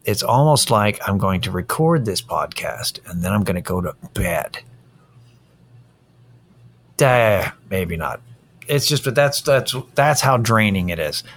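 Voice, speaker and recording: A man's voice: fairly low pitch, lively intonation, unhurried, a bit bright, a little hiss or hum. A man hosting a casual solo podcast, drained and worn out, rambling in a tired, self-deprecating way. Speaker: podcast host.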